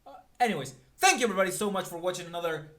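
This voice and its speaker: A man with a fairly high-pitched voice delivers a casual movie review. He rants with emphasis and keeps punching his points with a quick "okay?". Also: animated, background noise. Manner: emphatic and ranting, often tags "okay?".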